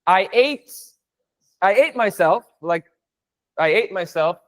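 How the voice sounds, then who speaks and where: A man's voice: high voice, lively intonation, slow pace. A man teaching a live online Spanish class, playful and chatty, breaking down jokes and phrases for his students.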